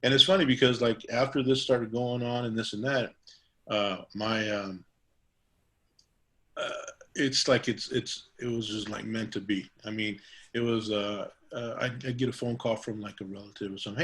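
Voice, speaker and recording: A man's voice: medium pitch, normal speed, a bit bright. Middle-aged male barber guest, casual storyteller, rambling delivery with lots of "you know". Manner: rambling, many fillers and restarts; acts out quoted dialogue in a raised voice.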